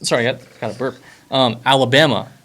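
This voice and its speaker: A young man from Florida hosting a podcast, talking in a relaxed, rambling way with lots of fillers and restarts. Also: mid-range voice, a little fast. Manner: rambling, laid-back, many fillers and restarts. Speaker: podcast host. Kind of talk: casual podcast chat.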